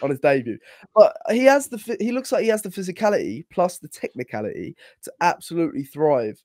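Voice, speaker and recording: Excitable young man, dry close mic. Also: on the high side, no room sound. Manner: excitable, swears casually, quick laughs. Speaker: podcast co-host. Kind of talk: casual football chat.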